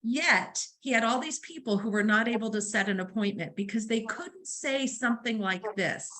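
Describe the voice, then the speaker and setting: A woman delivers a real estate training talk in a bright, somewhat high voice. She is conversational, leans on fillers, and brings her stories to life by voicing each side of the dialogue. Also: normal speed, poor audio. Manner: storytelling, acts out dialogue; conversational, uses fillers like um and right.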